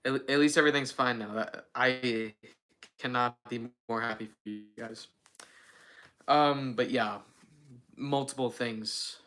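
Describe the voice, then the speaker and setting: A man's voice: mid-range voice, fairly even intonation, unhurried, pauses often, pushed and bright. A young man hosting a casual livestream, chatting with viewers in a rambling, self-mocking way full of fillers. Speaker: livestream host.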